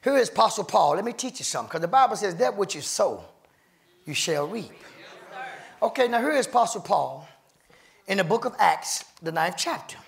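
High gravelly-voiced fervent preacher man. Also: very animated, normal speed. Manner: fervent call-and-response preaching, breaks into laughs, swells to shouts. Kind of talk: sermon. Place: church sanctuary.

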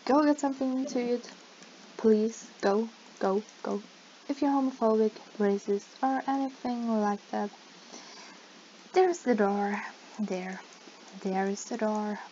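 A woman giving playful let's-play gaming commentary with sudden loud outbursts, her voice cracking. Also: medium pitch, fairly even intonation, takes it slowly, long pauses. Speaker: gaming YouTuber. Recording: slightly dull lo-fi mic with faint noise.

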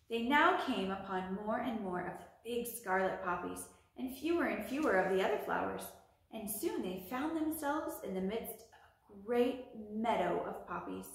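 A woman reading a children's book aloud at a library storytime, with gentle, steady narration. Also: mid-range voice, moderate pace. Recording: echoey room.

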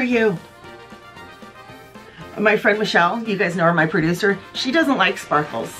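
A woman's voice: mid-range voice, moderate pace, a bit bright. Bubbly woman vlog host, chatty show-and-tell at home, faint music under her voice. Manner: bubbly, gushing, talks straight to viewers.

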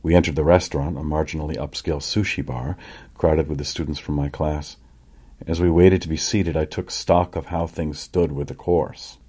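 A man narrates an audiobook in a measured, reflective first-person voice. His register is very low and dark. The tone carries a husky grain. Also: steady tone.

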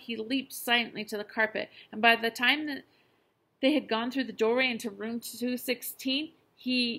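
A young adult woman, a teacher, reading a children's book aloud with expressive storytelling. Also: fairly high pitch, gravelly.

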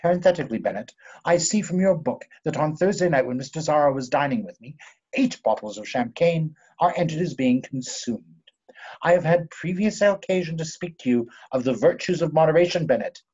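A man playing a vain, pompous older English gentleman in a play reading over a video call, with a drawling, theatrical delivery. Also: a little high, animated, a little fast, husky. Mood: lecturing. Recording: dull lo-fi video call audio.

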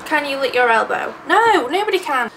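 A woman's voice: sits high, sing-song, normal speed, a bit bright. A young English woman around twenty, answering viewer questions in a chatty, sarcastic vlog. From England. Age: 20s. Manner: chatty, sarcastic, self-deprecating. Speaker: YouTuber. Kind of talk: casual vlog Q&A. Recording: distant mic with background noise.

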